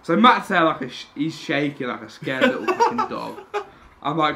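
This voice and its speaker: A young man, a podcast guest telling anecdotes in a casual, animated way, swearing and laughing as he goes. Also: on the high side, moderate pace, heavy background noise. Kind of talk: casual storytelling.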